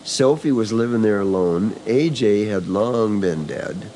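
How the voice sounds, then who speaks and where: A man's voice: fairly low pitch, unhurried, dark tone, slight background noise. An older man, a store owner and organic farmer, casually telling stories of his building in a rambling way, seated in the back room of a country store. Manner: rambling, full of restarts and asides. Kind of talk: casual conversational storytelling.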